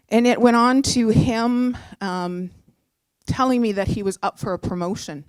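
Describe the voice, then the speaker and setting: A middle-aged woman recounts a personal story in an animated, chatty way, full of little fillers and restarts. Her voice sits at an ordinary middle pitch, and the sound is dry and close with no room echo. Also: a little slow, clean tone. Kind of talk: personal storytelling on a live show.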